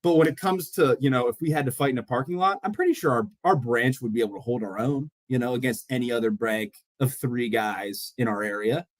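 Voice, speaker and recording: Animated, fast-storytelling podcast guy. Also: mid-range voice. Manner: animated storyteller acting out quotes. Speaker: podcast co-host; mortgage loan officer. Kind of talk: casual chat.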